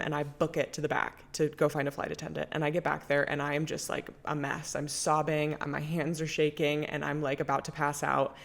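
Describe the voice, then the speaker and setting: A young adult woman hosting her own show, telling a personal story in a casual, candid way and swearing freely. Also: low-pitched. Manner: candid, chatty, swears freely, drops to near-whisper when tense. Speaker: podcast host.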